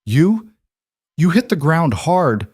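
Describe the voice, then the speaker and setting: A man's voice: on the high side, sing-song, slow pace, a little mellow, breathy edge, dry recording, voice pushed up, full character voice. A man voicing a young frontier bride, frightened but determined, with urgent, breathless pleading in a dry, close recording. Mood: shaken.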